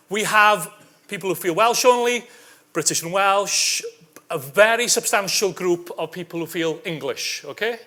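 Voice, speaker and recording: A man's voice: sits high, fairly bright tone. A man presenting survey data at a conference, dropping wry asides and often checking in with "okay?". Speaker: academic conference speaker.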